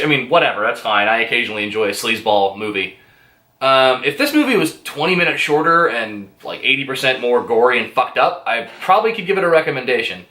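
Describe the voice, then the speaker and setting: A man's voice: medium pitch, bright, forceful tone, roomy sound. A man giving a rambling, profane, hesitant movie review full of fillers. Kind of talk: casual spoken movie review.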